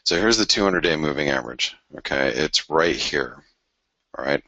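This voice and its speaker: A man with an extremely deep voice and a bright, forceful edge runs a live market commentary show. He talks through charts off the cuff, breaking into excited exclamations. The sound is close and dry. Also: normal speed, no room sound, muffled recording. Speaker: forex trading show host.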